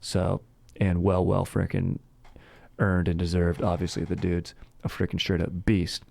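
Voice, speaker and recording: A man's voice: low-pitched, monotone, measured pace, vocal fry, darkish tone. A man casually telling a history story as a podcast host, laid-back and slangy, rambling with lots of fillers. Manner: slangy and laid-back, says "dude" and "frickin'" a lot; rambling, with many fillers and restarts.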